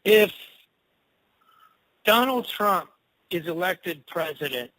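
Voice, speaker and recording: A man telling a rambling, animated story in a casual interview, swearing freely along the way. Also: sits high, slow, no echo, rough recording. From Cleveland. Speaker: interviewed musician.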